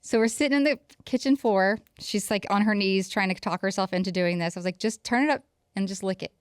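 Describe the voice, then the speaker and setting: Podcast co-host, woman in her thirties, mid-pitched, lively storyteller, dry close sound. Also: a little fast, smooth, no room sound. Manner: animated storytelling, acting out her kids' lines. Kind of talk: casual chat.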